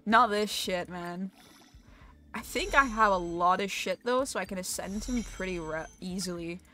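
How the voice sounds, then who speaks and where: A woman's voice: medium pitch, moderate pace, sharp tone, soft background music. A young woman streaming a game, chatting casually, swearing freely and poking fun at herself. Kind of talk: casual live-stream gaming chat.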